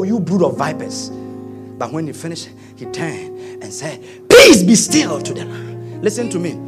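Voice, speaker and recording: A man, preaching a sermon, swinging from quiet asides to shouting. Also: high-pitched. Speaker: pastor.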